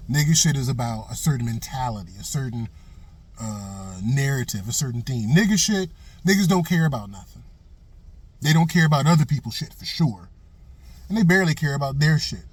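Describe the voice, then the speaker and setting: A middle-aged male vlogger with a slightly high, husky voice delivers a blunt, profane opinion monologue, recorded with no echo. He tells stories and drives his points home by repeating phrases.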